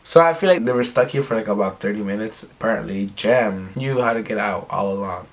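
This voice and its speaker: A man's voice: lowish voice, brisk, few pauses. A young man casually recapping an episode in a rambling way, with lots of filler words. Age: young adult. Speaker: recap vlogger.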